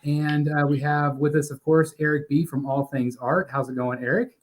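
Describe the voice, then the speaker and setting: A man's voice: on the high side, fairly even intonation, normal speed. A man hosting a live collectors' show, upbeat and welcoming, a little scattered and out of breath. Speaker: host.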